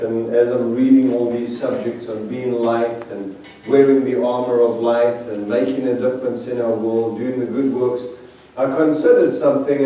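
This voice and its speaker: A man's voice: medium pitch, mellow. A man preaching a sermon in a church, telling humorous stories in a chatty, self-mocking way and chuckling between anecdotes. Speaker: guest preacher. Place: large church sanctuary. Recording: very echoey hall, voice from far off.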